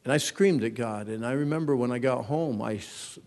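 Gravelly male pastor, 50s, dramatic sermon delivery in a long-echo hall. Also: medium pitch, brisk. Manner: dramatic preaching, swings from hushed to loud. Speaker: pastor and youth counselor.

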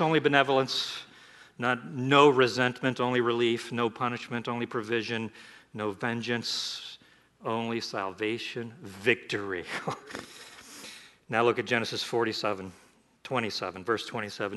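A man preaching a sermon with a bright, ringing voice. He is animated and leaps up in pitch and volume to act out the scripture. Then he drops back to plain teaching. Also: normal speed. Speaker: pastor.

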